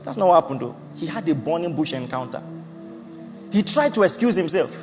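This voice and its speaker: Animated preacher in a hall. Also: male voice, a little high, brisk. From Nigeria. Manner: emphatic, laughs at his own jokes, acts out Bible figures. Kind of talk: sermon. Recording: muffled hall recording with music.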